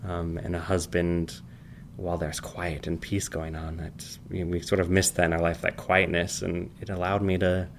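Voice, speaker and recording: A man in his thirties chatting casually and rambling, telling family stories with animated, high-pitched quoted voices. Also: normal speed, a little hiss or hum. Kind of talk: casual chat.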